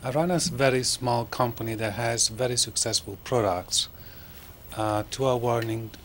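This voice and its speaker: A man in a studio audience describing his small company and asking the panel how to make things move faster, hesitating often with fillers. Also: mid-range voice, fairly bright tone, slight background noise. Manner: rambling with many fillers, self-promoting. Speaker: audience member asking a question. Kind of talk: asking a question at a studio event.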